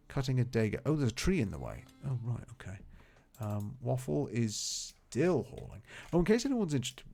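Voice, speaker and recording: Low-ish with vocal fry and a darkish tone, a man gives casual live commentary while streaming a colony game. He rambles, talking both to his characters and his viewers.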